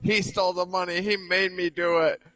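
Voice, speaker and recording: A man voicing his young daughter as a shrill, accusing little tattletale. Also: level tone, moderate pace, pushed and bright, no room sound, poor audio. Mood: tattling.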